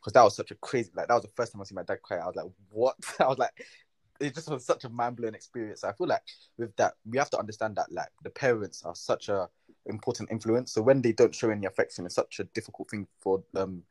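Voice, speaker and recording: A young man, talking in a quick, casual way full of "like" as a guest in a panel discussion. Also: fairly low pitch, darkish tone, breathy edge, no echo. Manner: fast, filler-heavy talk with many "like"s.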